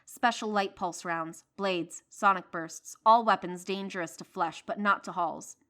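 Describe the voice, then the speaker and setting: A woman narrating a science fiction story in a measured, expressive reading voice. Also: lowish voice. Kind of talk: scripted audiobook narration.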